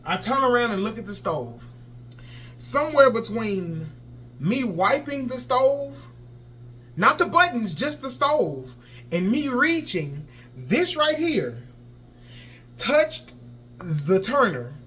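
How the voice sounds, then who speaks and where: Animated high-voiced young man telling a story. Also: takes it slowly, long pauses, a little hiss or hum. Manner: animated and expressive, acts out sounds and his own panic. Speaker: vlogger. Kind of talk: storytelling vlog.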